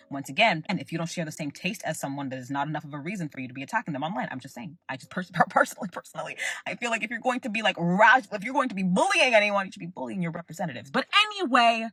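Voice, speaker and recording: Fast-talking husky young woman ranting. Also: fairly low pitch, animated, sharp tone, dry recording. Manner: emphatic, rambling, heavy use of filler words. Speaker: podcast host and content creator. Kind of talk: casual commentary rant.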